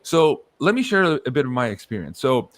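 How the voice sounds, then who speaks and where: Podcast host, male, lively swooping delivery, casual and swears freely. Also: mid-range voice, fairly quick, no echo. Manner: animated storytelling, swears casually, acts out quotes.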